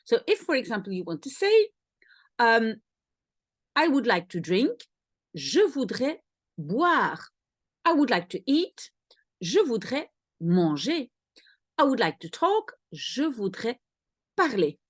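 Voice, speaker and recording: A woman with a Belgian Dutch accent, Dutch her first language, explains a language lesson at an unhurried pace. Her slightly high voice swings widely in pitch as she spaces out each example. The sound is close and dry. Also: sing-song, no echo. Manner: slow, carefully spaced explanations with example phrases repeated. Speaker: language teacher.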